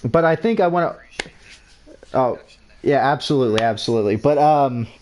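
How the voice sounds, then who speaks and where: A man's voice: mid-range voice, lively intonation, moderate pace, darkish tone. A man hosting a casual livestream, talking loosely and often repeating words and restarting sentences. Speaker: streamer host.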